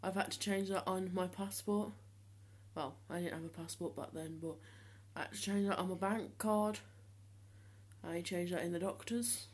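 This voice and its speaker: A seventeen-year-old young man talking casually to the camera in a vlog, hesitant with many ums and restarts, speaking in a voice he has deliberately trained lower. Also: fairly even intonation. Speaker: vlogger.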